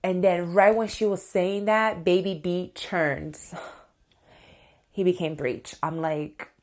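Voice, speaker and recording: Thirties woman vlogging, kinda low voice, super chatty and hyped, lots of "like". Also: takes it slowly. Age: 30s. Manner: excitable and chatty, full of "like" and "you guys". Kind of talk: casual storytelling to camera.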